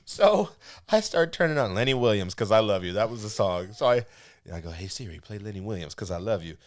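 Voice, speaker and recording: Animated low-voiced man telling stories. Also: a little fast. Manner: laughs often while telling stories, animated. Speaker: podcast co-host. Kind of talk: casual storytelling chat.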